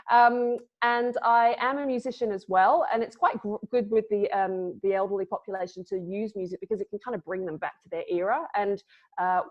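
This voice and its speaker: A woman from Scotland giving a playful, casual online talk as a clown presenter, full of dad jokes. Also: mid-range voice. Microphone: video call. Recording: lo-fi video call audio.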